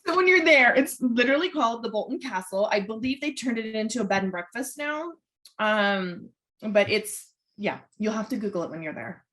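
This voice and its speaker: A woman's voice: on the high side, moderate pace, a bit bright. A woman co-hosting a podcast, chatting enthusiastically and guessing along with her partner. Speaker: podcast co-host. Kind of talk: casual chat.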